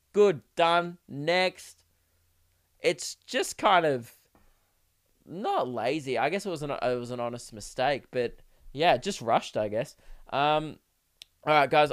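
A man's voice: on the high side, clear, resonant tone. An Australian man hosting a solo comedy podcast, ranting sarcastically and swearing in mock outrage.

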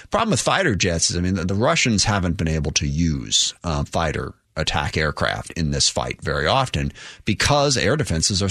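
Man, very low voice, congressman guest, measured, explanatory, dry sound. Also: pushed and bright, dry recording. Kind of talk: news interview.

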